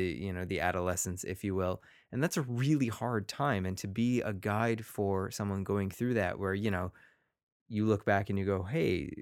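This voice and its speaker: A man's voice: on the low side, clean tone, no room sound, studio quality. A man, a teacher hosting his own podcast, talking casually and rambling a little, with self-deprecating asides and playful quotes of his students.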